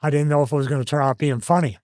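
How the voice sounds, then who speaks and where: A man in his fifties hosts and tells a story in a casual, animated style, acting out each quoted line. His voice sits fairly high for a man. The sound is dry and close to the mic. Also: rapid-fire, no echo. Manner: animated, acts out quoted lines. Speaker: host, former wrestler.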